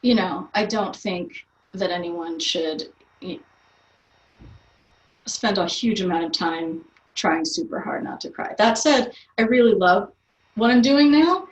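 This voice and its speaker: A woman's voice: medium pitch, animated, measured pace, long pauses, lo-fi sound. Chatty woman heard from a distance. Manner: chatty, laughs often, many fillers. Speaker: guest. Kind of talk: casual interview chat. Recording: roomy, distant from the mic.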